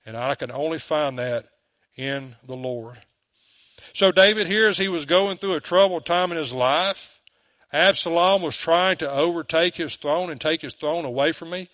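An earnest man preaching a sermon in a fairly high voice. He asks his listeners direct questions and slows right down when he quotes scripture. The sound is dry and close. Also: fairly bright tone, no echo. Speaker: pastor.

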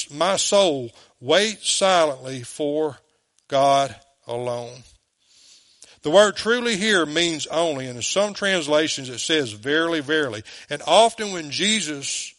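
A man preaching a sermon in an earnest way, who asks his listeners direct questions and slows down when he quotes scripture. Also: fairly high pitch, a bit bright, dry recording. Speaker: pastor.

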